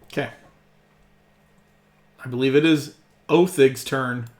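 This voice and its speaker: A man's voice: medium pitch, fairly even intonation, slow pace, darkish tone. Easygoing man running a tabletop game. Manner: casual, laughs often, thinks aloud while tallying rolls. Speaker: game master.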